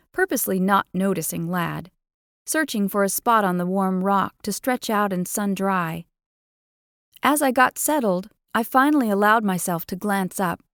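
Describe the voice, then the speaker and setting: Lady reading a romance audiobook, playful and expressive, super dry close mic. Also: mid-range voice, no echo. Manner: expressive, playful first-person storytelling. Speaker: audiobook narrator. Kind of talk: first-person romance audiobook narration.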